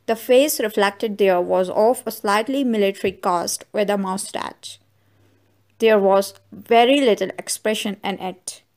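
Measured woman narrating a story. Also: medium pitch. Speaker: audiobook narrator. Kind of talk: scripted narration.

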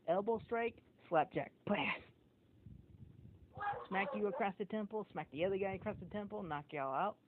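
A man's voice: sits high, moderate pace. A man in casual podcast chat, telling rambling, profane stories and acting out what people said. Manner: profane, rambling storyteller who acts out quotes. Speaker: podcast co-host. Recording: tinny phone-like audio with faint noise.

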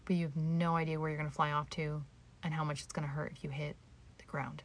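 A woman's voice: low voice, level tone, fast talker. A woman hosting a solo podcast from home, talking candidly and self-deprecatingly, swearing freely and sometimes dropping to a whisper. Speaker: podcast host. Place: home, indoors.

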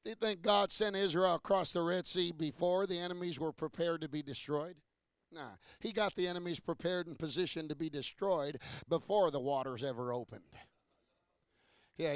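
A man preaching a sermon to a congregation, asking questions and building from low talk to shouted peaks. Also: normal speed, clean tone, dry recording, studio quality.

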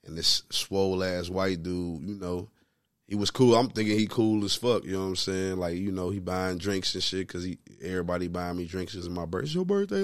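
A man's voice: low voice, clear, resonant tone, dry recording, clean studio sound. A man in his thirties co-hosting a podcast, telling a story in casual chat, full of slang and repeating "you know what I'm saying". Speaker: podcast co-host.

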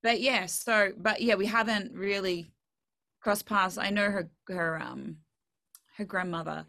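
A woman's voice: medium pitch, a little slow, vocal fry, bright, forceful tone. A young Australian woman with a slight Southern US twang, a country singer chatting as a podcast guest, bubbly and self-deprecating. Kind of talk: casual interview chat.

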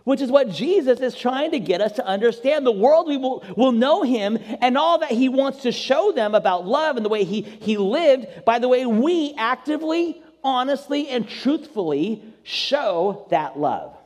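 Man preaching, high voice, self-deprecating storyteller, long hall reverb. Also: expressive, moderate pace, few pauses, darkish tone. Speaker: pastor. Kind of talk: sermon.

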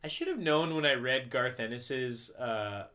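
A man's voice: mid-range voice, unhurried, sharp tone. A man co-hosting a podcast, chatting casually and rambling with lots of "like", tired after a late party. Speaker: podcast co-host. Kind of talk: casual chat.

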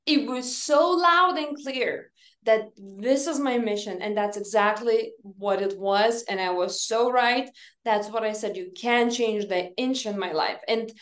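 A woman speaks as an interview guest in a voice a little higher than most. She tells her story earnestly and emphatically, with slightly grammar. The recording has a roomy, echoey sound. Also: unhurried, fairly bright tone. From Lithuania. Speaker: podcast guest, company founder.

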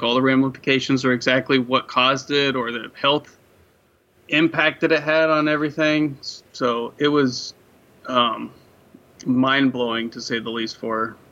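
Bright-voiced man on a dull line. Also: medium pitch. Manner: easygoing, reacts with short exclamations. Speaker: podcast guest. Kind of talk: casual podcast chat. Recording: dull lo-fi sound.

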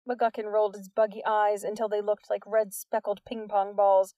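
Female audiobook narrator, dry distant sound, even delivery. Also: mid-range voice, moderate pace, few pauses, no room sound.

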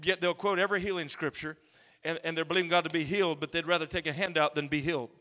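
A man preaching a sermon, talking conversationally and then building up to loud shouts. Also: fairly high pitch, steady tone, fast talker. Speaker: pastor. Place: church sanctuary. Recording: long reverb of a large hall.

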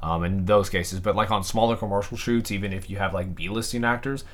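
A young man hosting a podcast in relaxed, rambling casual chat. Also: on the low side, brisk. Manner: relaxed and rambling, many fillers. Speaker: podcast host.

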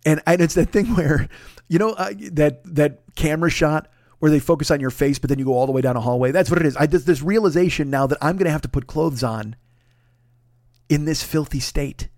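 Guy on a podcast telling a gross funny story, swears a lot, goes quiet then loud, kinda high voice, dry close sound. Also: a little fast, no echo. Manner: profane, animated, swings between hushed re-enactment and loud exasperation. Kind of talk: comedic personal storytelling.

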